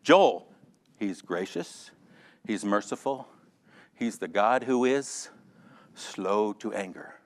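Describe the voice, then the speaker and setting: A man teaching a Sunday school Bible lesson in a lively, conversational way, calling on class members by name and joking along the way. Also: on the low side, slow, long pauses. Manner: animated, addresses class members by name, jokes.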